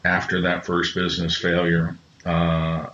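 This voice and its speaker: A middle-aged man appears as a podcast guest, his low voice monotone, a little slow and a bit bright. He tells reflective personal stories earnestly, rambling and restarting often. The sound is roomy and slightly muffled.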